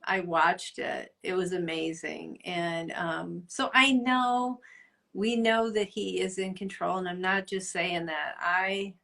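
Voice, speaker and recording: A woman's voice: on the low side, fairly even intonation, takes it slowly, vocal fry, a bit bright. Middle-aged lady cohosting a faith chat, earnest and encouraging, laughs a lot. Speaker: podcast co-host.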